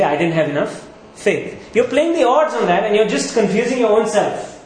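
High-voiced preacher in an echoey church. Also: male voice. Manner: rhetorical questions, emphatic repetition. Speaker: pastor. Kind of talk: sermon. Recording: echoey church hall with faint noise.

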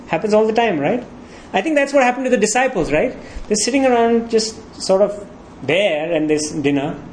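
A man's voice: sits high, a little mellow, slight background noise, low-quality recording. A pastor preaching a sermon, walking his congregation through scripture with frequent rhetorical questions.

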